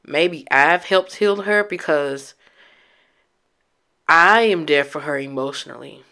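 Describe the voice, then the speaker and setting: A woman talks straight to her audience about her own life, candid and emotional. Her voice is bright and forceful, and she swears offhandedly. She often stops and restarts mid-thought. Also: deep voice. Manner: reflective, halting restarts. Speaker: vlogger. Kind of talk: personal storytelling.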